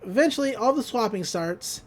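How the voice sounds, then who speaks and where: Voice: mid-range voice, expressive, normal speed. A podcast co-host casually recapping a cartoon episode, acting out the characters' lines and laughing along the way.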